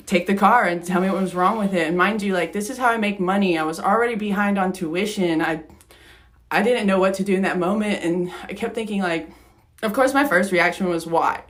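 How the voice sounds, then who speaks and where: Young woman candidly telling a story. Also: on the low side. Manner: emotional, laughs through her story. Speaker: podcast co-host.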